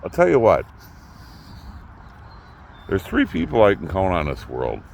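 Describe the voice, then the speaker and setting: A middle-aged man hosting his own channel, ranting unscripted to the camera, blunt and profane, swinging from loud outbursts to low muttering. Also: huge pitch swings, a little slow, creaky, a little hiss or hum. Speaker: YouTube channel host.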